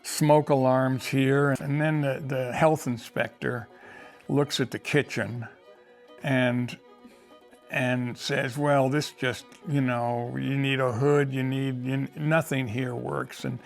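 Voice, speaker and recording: A man's voice: medium pitch, steady tone, slow, creaky, faint music behind. An older man telling a rambling story in casual conversation, with many restarts and acted quotes. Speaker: interviewee storyteller.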